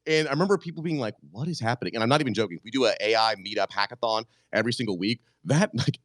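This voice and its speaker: An excitable, loudmouthed man racing through a story on a podcast, words tumbling out quickly and profanity thrown in. His voice sits close and dry, with no room echo. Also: medium pitch. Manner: excitable, loud, swears freely. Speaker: podcast guest host.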